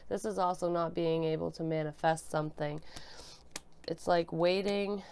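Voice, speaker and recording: A woman reads tarot cards as a medium, close on a desk microphone. Her voice sits low and has a gravelly fry. She talks bluntly and emotionally, swearing freely and restarting sentences as she thinks aloud. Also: fairly even intonation, normal speed, darkish tone, slight background noise. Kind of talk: casual tarot reading to camera. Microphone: desk microphone she bumps.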